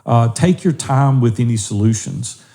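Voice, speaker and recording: A man's voice: medium pitch, animated, moderate pace, warm tone. A middle-aged man co-hosting a faith-based podcast, earnestly encouraging listeners. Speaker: podcast co-host.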